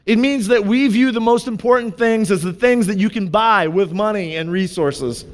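High-voiced young pastor preaching candidly. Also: male voice, normal speed, long reverb tail. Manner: candid, conversational preaching with asides to the congregation. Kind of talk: sermon. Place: church sanctuary.

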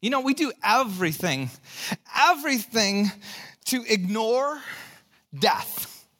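High-voiced pastor preaching a sermon. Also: male voice, very animated, takes it slowly, sharp tone. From California, United States. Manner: earnest, storytelling, with dry jokes.

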